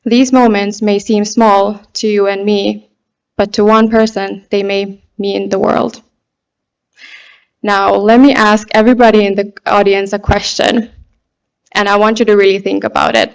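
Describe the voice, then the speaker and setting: A woman from Finland, a pageant contestant, giving a deliberate, heartfelt prepared speech full of rhetorical questions. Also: mid-range voice, little pitch movement, creaky, clean tone, low-quality recording.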